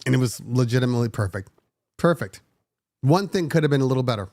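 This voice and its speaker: A middle-aged man, a DJ hosting his own podcast, telling a personal story in a casual, animated way with plenty of fillers. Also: mid-range voice, quick pace, dry recording. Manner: animated, emotional retelling with many fillers. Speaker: podcast host and DJ.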